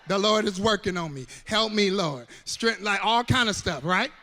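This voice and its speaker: High, bright-voiced preacher man. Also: animated, normal speed, long reverb tail. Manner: call-and-response preaching, swings from hushed to shouting. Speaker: pastor. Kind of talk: sermon.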